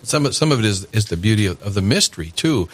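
A man with a low, husky voice joins the conversation. He speaks fast and earnestly, repeating words as he gathers his thought. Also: very animated. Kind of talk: conversational faith discussion.

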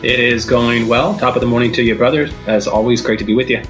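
A man co-hosting a radio show from a remote location, giving relaxed, brief replies. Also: medium pitch, fast, faint music behind, rough recording. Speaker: radio co-host. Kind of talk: casual radio chat.

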